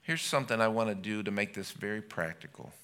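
A man's voice: on the low side, lively intonation, fast talker, pushed and bright, clean tone. A man, a pastor, preaching an earnest sermon that builds to impassioned exclamations.

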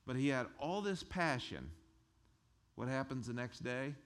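A male pastor who preaches a sermon in a conversational, animated way and chuckles between his points. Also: medium pitch, unhurried.

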